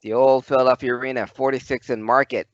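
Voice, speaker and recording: A man's voice: mid-range voice, flat delivery, fast, dry recording, dull audio. A man co-hosting a podcast as its wrestling historian, telling old stories in a wordy, dramatic way. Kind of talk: casual chat and storytelling.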